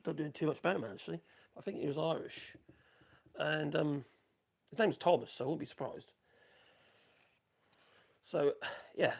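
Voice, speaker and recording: This man, a woodworking livestream host, talks loosely to viewers and murmurs asides to himself while working in the workshop. His slightly high voice carries vocal fry, moves at a moderate pace, and pauses often.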